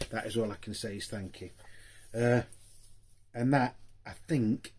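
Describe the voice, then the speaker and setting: A man's voice: fairly low pitch, unhurried, darkish tone, a little hiss or hum. An older man, talking casually to viewers in a vlog, emotional and grateful, repeating his thanks with many fillers. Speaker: vinyl collector vlogger.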